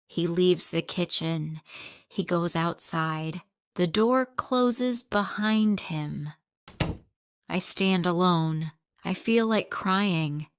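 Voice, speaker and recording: A woman narrating a scripted story for English learners, reading slowly and plainly. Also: on the low side, clean tone, no echo, studio quality. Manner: slow, plain, evenly paced reading.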